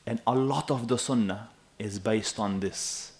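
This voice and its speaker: Animated low-voiced male preacher. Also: a little slow. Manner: animated and emphatic, with asides to the audience. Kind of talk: sermon.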